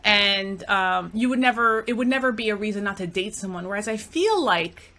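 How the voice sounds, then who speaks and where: A woman's voice: medium pitch, expressive, moderate pace, pushed and bright. A woman from Greece hosting a podcast, telling stories in casual chat and filling her talk with "like" and "you know". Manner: chatty storyteller, fillers like "like" and "you know". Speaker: podcast host and matchmaker.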